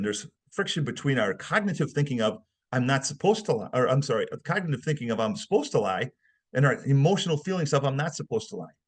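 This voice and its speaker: Man, webinar lecture, husky voice, conversational, emphatic. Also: medium pitch. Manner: conversational, emphatic, acts out examples. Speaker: behavioral analysis instructor.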